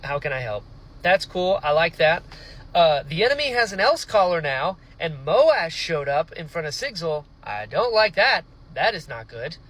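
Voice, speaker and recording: A young man hosting a casual book reaction, talking animatedly and acting out the characters in quick quoted voices. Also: on the high side, very animated, fairly bright tone, low-quality recording.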